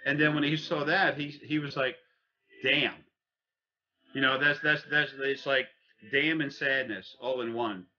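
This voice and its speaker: A man telling a long personal story in casual speech, halting often with fillers and restarts and swearing bluntly. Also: medium pitch, fairly even intonation, sharp tone, muffled recording. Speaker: interviewee.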